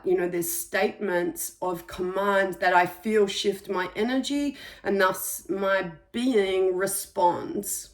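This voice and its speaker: Gentle reflective woman giving a spiritual reading. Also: medium pitch. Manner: gentle, reflective, with soft pauses. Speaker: intuitive energy reader. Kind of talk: spiritual monthly reading, casual monologue.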